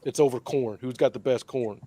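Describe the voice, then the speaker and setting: A man's voice: mid-range voice, brisk, mellow, dry recording. A man on a sports panel, trading teasing, laughing banter in casual chat.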